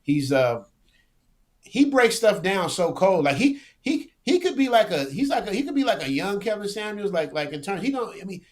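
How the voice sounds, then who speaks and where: A man talking as a guest in a casual interview, animated and slangy, often repeating words as he goes. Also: high-pitched, normal speed. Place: lives abroad, remote interview.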